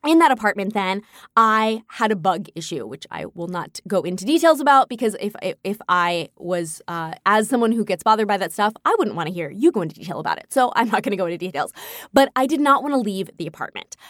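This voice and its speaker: A young adult woman hosting her own show, telling personal stories in a candid, animated way and acting out her own past thoughts. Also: mid-range voice, fast talker, no echo, clean studio sound. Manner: candid, animated storytelling with quoted inner thoughts. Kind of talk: casual personal monologue.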